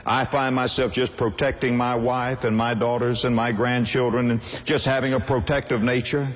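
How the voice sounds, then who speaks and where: A man's voice: mid-range voice, flat delivery, normal speed. An older man preaching a sermon in an emphatic, repetitive cadence. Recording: long hall reverb.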